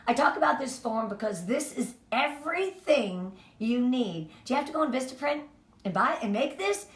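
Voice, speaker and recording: Upbeat high-voiced woman giving a pep talk. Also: expressive, normal speed. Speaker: direct sales team leader. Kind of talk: motivational team training talk. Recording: roomy, from a distance.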